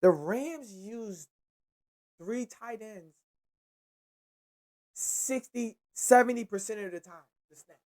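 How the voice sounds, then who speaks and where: A man's voice: high-pitched, animated, takes it slowly, long pauses, darkish tone. A young man hosting a casual sports show, ranting in a slangy, profane and repetitive way. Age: young adult. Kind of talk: casual sports commentary rant.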